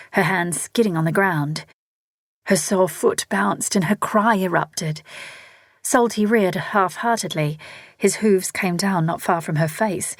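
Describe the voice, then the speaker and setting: A woman narrating a novel in a steady storytelling read. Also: fairly low pitch, dry recording, studio quality. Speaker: audiobook narrator. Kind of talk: scripted narration.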